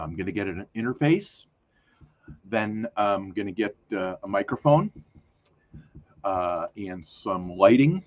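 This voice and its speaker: A low, husky man talks through a weekly live stream, rambling and correcting himself, his pitch swinging up and down as he goes. The audio is dull and lo-fi, like a home setup. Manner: rambling, self-correcting, chatty, with many fillers. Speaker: host of a weekly live community show. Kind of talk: casual live-stream chat.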